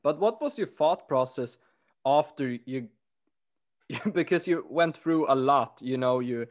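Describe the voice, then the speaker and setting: A man hosting a casual podcast interview, relaxed, with lots of "yeah"s as he listens. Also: fairly high pitch, measured pace. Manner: laid-back, frequent affirming yeahs and laughs. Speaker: podcast host.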